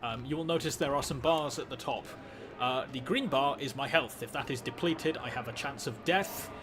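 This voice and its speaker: A man's voice: mid-range voice, moderate pace, music in the background. A man hosting a gaming video, giving dry, wry let's play commentary and often stammering and restarting his sentences.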